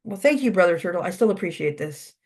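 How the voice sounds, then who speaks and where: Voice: mid-range voice, expressive, fast, darkish tone. A storyteller voicing a confident young male warrior in a spoken folk tale, in a plain, earnest, polite way.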